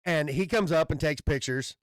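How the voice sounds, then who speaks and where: A man tells a long story in a casual chat, swearing freely and stammering through restarts. His voice sits a little high, and the sound is dry and close with no room around it. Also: normal speed, no echo. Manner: rambling storyteller with loose profanity and stammered restarts. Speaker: podcast host.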